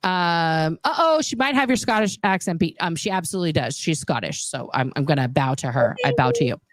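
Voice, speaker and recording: A woman's voice: low-pitched, lively intonation, brisk, no room sound. A woman in her forties hosting a casual livestream, chatting and reading viewer comments aloud, swearing now and then. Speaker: host.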